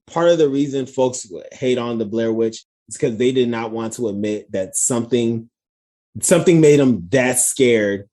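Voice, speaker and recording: A man in his thirties co-hosting a casual podcast chat, relaxed and laughing often between remarks. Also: mid-range voice, moderate pace. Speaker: podcast co-host.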